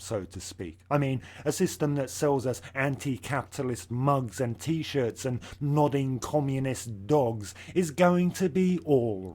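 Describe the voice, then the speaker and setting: A middle-aged man delivering a scripted satirical rant in a sardonic, profane, deadpan way. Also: medium pitch. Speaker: comedy ranter.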